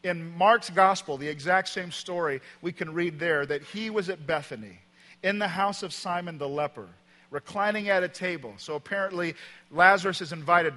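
A pastor preaching a sermon, telling stories with emphasis and swinging from loud passages to quiet ones. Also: male voice, a little high. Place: church auditorium. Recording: long hall reverb.

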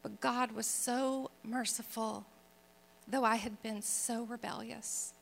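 A woman giving a personal testimony, telling her story earnestly and dropping to a soft hush at painful moments. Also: on the high side, fairly even intonation, slow, gravelly, slight background noise. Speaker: speaker sharing her testimony. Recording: long reverb of a large hall.

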